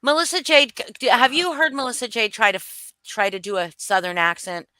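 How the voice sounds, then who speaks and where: A woman's voice: fairly high pitch, animated, fairly quick, bright, forceful tone, smooth, no room sound. Blunt, swearing young woman host. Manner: blunt, swears freely, rambling restarts. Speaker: livestream co-host. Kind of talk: casual gossip commentary chat.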